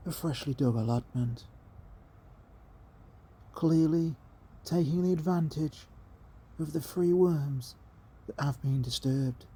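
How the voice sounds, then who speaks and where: A reverent, hushed nature-documentary narrator, as a man puts him on, lingering over every word in a slightly raised, mellow voice. The delivery is quiet and mock-grand, as if not to disturb the birds. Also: on the high side, husky, exaggerated voice. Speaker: gardening video creator.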